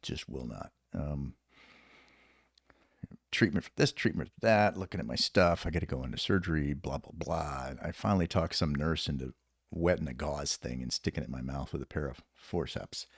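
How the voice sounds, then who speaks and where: A man's voice: rumbling low, normal speed, breathy edge, dry recording, clean studio sound. A man, a former special operations soldier, telling rambling, profane stories in a casual podcast interview, laughing often. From United States. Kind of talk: casual storytelling.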